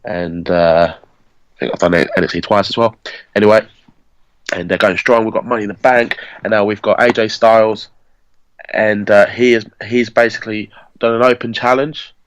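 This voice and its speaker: A man's voice: lowish voice, fairly even intonation, normal speed, dry recording, muffled recording. A man, hosting a podcast and chatting casually as he rambles through a story and corrects himself along the way. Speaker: podcast host. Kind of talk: casual fantasy-booking chat.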